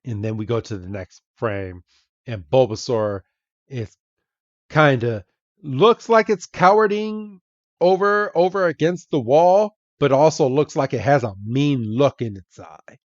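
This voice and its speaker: A male podcast host recaps a comic aloud, speaking slowly and chattily and correcting himself as he goes. His voice is mid-range, and the recording is muffled with no room sound.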